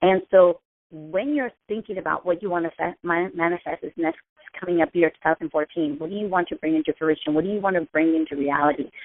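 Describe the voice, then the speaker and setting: A woman hosts a motivational talk in a loose, chatty way, circling back and repeating her points. Her voice sits a bit low. The sound is thin and tinny, as if heard over a phone call. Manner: casual, chatty, repeats herself. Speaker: host.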